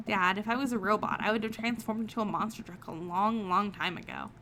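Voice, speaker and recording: A woman's voice: mid-range voice, brisk, bright, forceful tone, a little hiss or hum. A woman reading the lines of a hurt, confiding teenage daughter in a game. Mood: rueful. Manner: upset, confiding, rueful. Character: heartbroken teenage girl, daughter.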